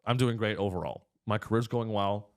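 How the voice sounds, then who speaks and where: A man hosting a studio podcast, telling provocative jokes in a deadpan, casual way. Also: fairly low pitch, a little fast. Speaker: comedian podcast host. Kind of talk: casual comedic chat.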